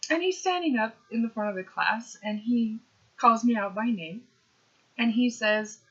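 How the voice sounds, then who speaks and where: A middle-aged woman, a comedian, telling a story in an animated, punchy way with playful asides. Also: a little high, normal speed, dull audio. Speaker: stand-up comedian. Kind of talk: storytelling monologue.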